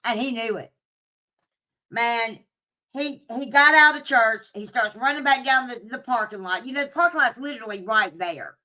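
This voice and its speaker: Woman, bright clear voice, casual storytelling, animated, swears a lot. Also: a little high, normal speed. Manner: animated, swears freely, laughs at herself. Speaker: streamer talking to live chat.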